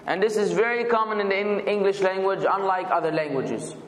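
A man's voice: high-pitched, a little fast, a bit bright. A man teaching a weekly Quran commentary class, patiently explaining and spelling out words. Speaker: religious teacher. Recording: echoey, reverberant hall.

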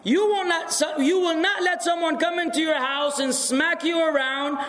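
Brief: high-pitched male speaker, rhetorical and forceful, long hall echo. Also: moderate pace. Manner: animated, rhetorical, rising to shouts. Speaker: speaker answering audience questions. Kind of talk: lecture Q&A with anecdotes. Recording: echoey hall.

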